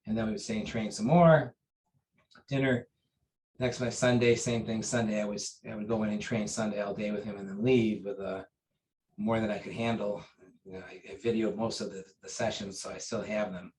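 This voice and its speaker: A lower-voiced man tells a long personal story in an interview, speaking earnestly and haltingly. He often stops and restarts with fillers, and a faint hiss sits behind him. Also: fairly even intonation, darkish tone, low-quality recording. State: briefly choked up. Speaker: interview guest, taekwondo master. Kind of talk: conversational storytelling.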